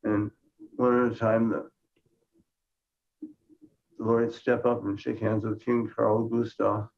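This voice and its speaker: A man's voice: fairly low pitch, flat delivery, slow, creaky, darkish tone. An older man from Minnesota giving a science lecture with dry, understated humor, often restarting his phrases. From Minnesota, United States. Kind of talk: conference lecture with slides. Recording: muffled lo-fi lecture recording.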